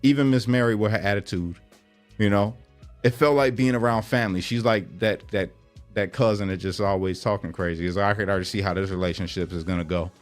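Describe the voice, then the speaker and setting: A man's voice: on the low side, fairly even intonation, quick pace, faint music behind. A man talking in a casual, earnest vlog monologue, full of slang and fillers, sharing the day's reflections with his viewers. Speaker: vlogger.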